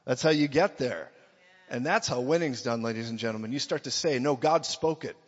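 A man's voice: medium pitch, a little fast. A man preaching a sermon with emphasis, acting out quotes in mock voices. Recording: long reverb, dull lo-fi sound.

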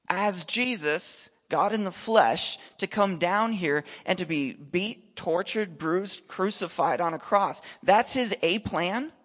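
A man preaching a sermon in a conversational, animated way, firing off rhetorical questions. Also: high voice. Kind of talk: sermon with personal storytelling. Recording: echoey hall, dull lo-fi sound.

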